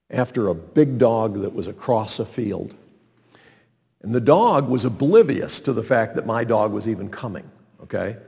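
A man from North Carolina telling a personal story to an audience in an animated, sermon-like way. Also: medium pitch, slightly rough. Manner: animated storyteller, acts out calls and sounds. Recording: long reverb of a large hall.

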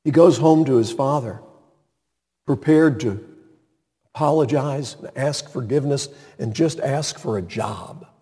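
A man's voice: mid-range voice, a little slow, warm tone, slightly rough. A man preaching a sermon, retelling a story with dramatic emphasis and sudden emphatic peaks. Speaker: pastor. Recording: reverberant hall.

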